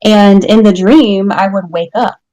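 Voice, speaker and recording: Mellow-voiced woman telling a personal story. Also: medium pitch, unhurried, no room sound, muffled recording. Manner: candid, storytelling, laughs at herself. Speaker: guest. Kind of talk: casual personal testimony.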